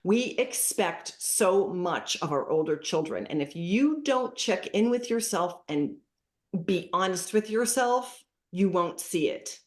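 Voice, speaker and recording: A middle-aged woman giving parenting advice as a podcast guest, lively and acting out what to say to kids. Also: fairly low pitch, takes it slowly. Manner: animated, acts out dialogue with kids as examples. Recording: roomy echoey room.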